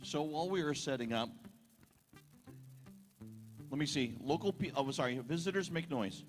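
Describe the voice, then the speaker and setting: A man with a Hawaiian accent works the crowd as a festival emcee, playful and chatty, his voice sitting a little high. He speaks into a stage mic, and it rings out with a long hall reverb, with faint music behind. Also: lively intonation, moderate pace. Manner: jokey, chatty, playful with the audience. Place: large ballroom stage. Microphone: stage microphone through PA.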